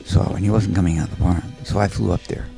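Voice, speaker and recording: A man's voice: deep voice, fairly even intonation, fast, gravelly, warm tone. A man talking earnestly and casually about animals he trained, with faint film music behind. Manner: earnest storytelling. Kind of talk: casual commentary chat.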